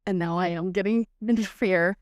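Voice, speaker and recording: A middle-aged woman sharing a personal faith testimony as a guest, telling it in an earnest, animated way with many "like"s. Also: fairly low pitch, moderate pace, dry recording, studio quality.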